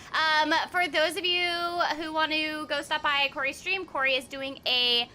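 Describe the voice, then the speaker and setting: A woman's voice: high-pitched, fairly even intonation, a little slow, few pauses, sharp tone, faint music behind. A young woman chatting casually to viewers on a game stream, bubbly and giggly, rambling from topic to topic. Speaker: streamer and voice actor.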